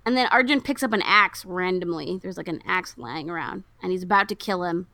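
A woman's voice: fairly low pitch, fairly quick, vocal fry, no room sound. A woman chatting casually as a podcast co-host, animatedly retelling a film and acting out the lines. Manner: animated storyteller acting out quotes. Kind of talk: casual movie recap chat.

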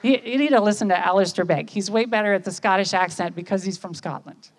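A woman, giving a conversational sermon and often checking in with listeners with quick questions. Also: mid-range voice. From United States. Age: 50s. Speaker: speaker at church.

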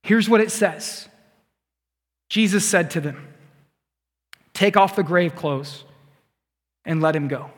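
A man preaching a sermon as a youth pastor, animated and playful, acting out scenes. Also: sits high, takes it slowly, long pauses. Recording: long hall reverb.

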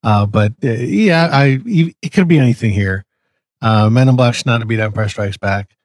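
A man's voice: mid-range voice, normal speed, dry recording. A man on a podcast panel, blunt and profane, with lots of hesitant fillers. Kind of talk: casual chat.

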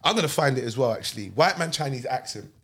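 A man with a London accent, hosting a podcast and telling stories in animated, slangy casual chat. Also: mid-range voice, fast talker, husky. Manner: animated storytelling with slang like bruv. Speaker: podcast host.

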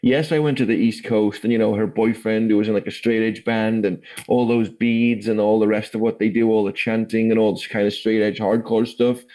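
A man's voice: on the low side, steady tone, a little fast, few pauses, mellow, rough recording. An English man in his forties, telling his life story in a rambling, casual way full of fillers. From England. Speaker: guest. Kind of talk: casual testimony interview.

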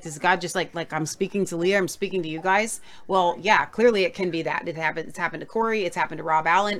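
A woman's voice: lowish voice, a little hiss or hum. A woman co-hosting a faith talk show, speaking with eager enthusiasm and often repeating words. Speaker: co-host.

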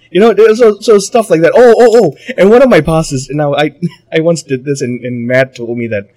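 A man with a Malaysian accent who is a guest in an interview, speaking in an animated way, repeating words and laughing easily. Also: on the high side, moderate pace. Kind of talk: conversational interview.

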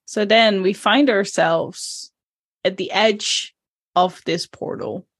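A woman talking through her character at a tabletop game, pausing on fillers as she thinks aloud. Her voice is mid-pitched and recorded dry and close. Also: a bit bright, slightly rough, no echo. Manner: hesitant, filler-heavy, in-character chat. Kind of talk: playing a tabletop role-playing game.

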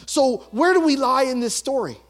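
High-voiced pastor preaching, animated storyteller. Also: male voice, moderate pace. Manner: animated storytelling, acting out townspeople's chatter; drops to a hush for emphasis. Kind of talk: sermon.

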